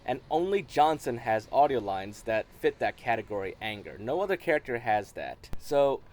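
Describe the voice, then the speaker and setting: A man talks through a video game discovery in relaxed commentary at an everyday mid pitch. He often restarts his sentences and fills them with "like". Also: normal speed. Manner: relaxed and explanatory, with frequent restarts and "like". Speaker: gaming video host. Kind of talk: casual commentary.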